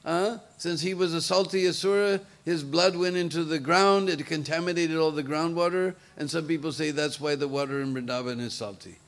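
A man telling a devotional story in an animated way, with chatty asides to his listeners. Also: fairly high pitch, fairly quick, hardly any pauses.

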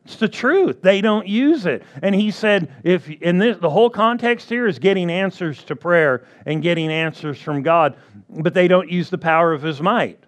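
A man's voice: high voice, animated, moderate pace. A man preaching a sermon who repeats his key phrases and keeps asking the congregation for agreement.

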